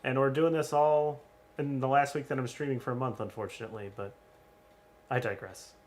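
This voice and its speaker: A young man streaming casual game commentary, rambling and swearing freely between frequent ums. His pitch sits in an ordinary middle range. A faint hiss of background noise runs under the recording. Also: steady tone, brisk, darkish tone. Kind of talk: casual crude gaming commentary.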